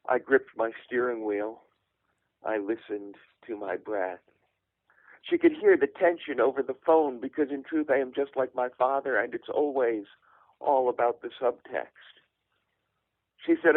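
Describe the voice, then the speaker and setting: A middle-aged man telling a dry, wry comic story with measured pauses. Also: mid-range voice, no echo. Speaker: guest storyteller. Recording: tinny phone-line sound.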